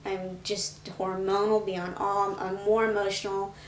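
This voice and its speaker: A woman's voice: medium pitch, flat delivery, a little slow. A woman being interviewed, earnestly recounting a hard, emotional memory. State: pregnant. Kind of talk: emotional personal account. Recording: echoey room with faint noise.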